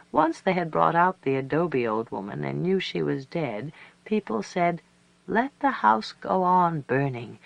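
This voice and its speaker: A storyteller reading a story aloud in a measured way, slowing down for emphasis. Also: medium pitch, creaky, fairly bright tone, dry recording, rough recording. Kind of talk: scripted narration of a story.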